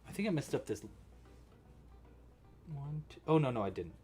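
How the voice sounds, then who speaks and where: A man's voice: mid-range voice, sing-song, normal speed, darkish tone, faint music behind. A man hosting a casual live crochet tutorial, chatting with viewers and counting stitches aloud as he works. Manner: chatty, reacts to live chat while crocheting; counts stitches aloud under his breath. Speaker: crochet livestream host.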